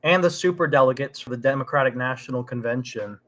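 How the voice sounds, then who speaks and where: A man's voice: mid-range voice, fast talker, fairly bright tone. A man hosting a livestream, ranting heatedly in casual political chat, with frequent ums. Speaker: livestream host.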